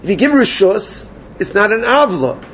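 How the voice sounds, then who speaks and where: Guy teaching gemara, lively, keeps asking the class questions. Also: high voice, normal speed, slight background noise. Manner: animated, questioning students, mixes Yiddish and Hebrew terms. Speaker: Talmud teacher.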